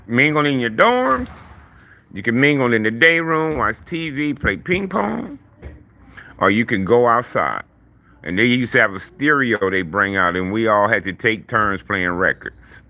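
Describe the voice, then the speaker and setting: A middle-aged man telling stories casually in a profane, slangy, animated way. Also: fairly low pitch, gravelly. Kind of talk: casual storytelling.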